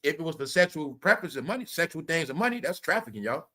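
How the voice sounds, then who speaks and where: High, bright-voiced ranting male streamer. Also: big pitch swings, fast. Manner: profane, combative, repeats "all right" and "y'all". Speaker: livestream commentator. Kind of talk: ranting celebrity gossip commentary.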